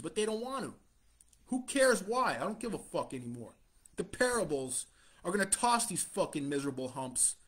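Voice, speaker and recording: A man's voice: on the high side, fairly bright tone. A man giving a profane street-style sermon in a swaggering mobster tough-guy way, blunt and scornful, with heavy swearing. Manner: scornful, blunt, chuckles between lines. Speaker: self-styled preacher.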